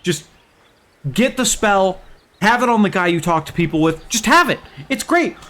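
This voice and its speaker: A young man telling game stories in a casual, excited and profane way as a streamer. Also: high-pitched, normal speed. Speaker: gaming streamer. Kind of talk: casual chat.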